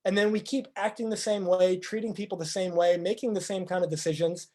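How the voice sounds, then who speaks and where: A man with a high, mellow voice delivers a motivational talk. He speaks earnestly and stacks up rhetorical questions to drive each point home. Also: brisk. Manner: earnest, acts out quoted speakers in lively voices. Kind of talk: motivational presentation.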